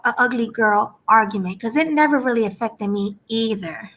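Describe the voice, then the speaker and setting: A woman hosting a casual interview, chatty and quick to jump in with her own stories. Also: a little high, fairly bright tone. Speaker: interview host.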